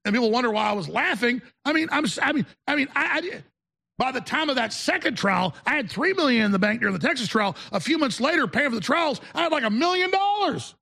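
A man hosting a talk show, ranting to viewers in a combative, mocking way, breaking into shouts and stammering restarts when worked up. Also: very high-pitched, lively intonation, fast, creaky.

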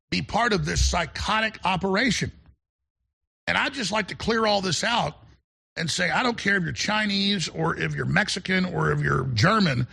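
Very gravelly, raspy man hosting talk radio. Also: high-pitched, pushed and bright. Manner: rambling, with many repeated restarts; emphatic and combative. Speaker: talk show host.

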